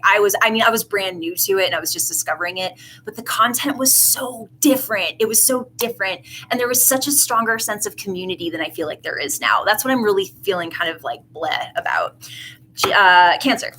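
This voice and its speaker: A woman's voice: mid-range voice, bright, forceful tone, slight background noise, rough recording. A woman giving a casual live tarot reading, chatty and effusive with many asides. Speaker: tarot reader.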